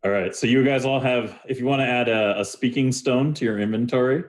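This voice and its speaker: A man's voice: medium pitch, fairly quick. A man narrating as game master in a rambling, laid-back way full of fillers.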